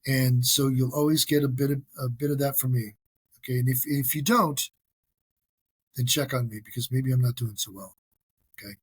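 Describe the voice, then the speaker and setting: Man, podcast host, casual solo talk, earnest, self-deprecating, husky voice, dry close sound. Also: mid-range voice, fairly even intonation, normal speed, pauses often, no room sound.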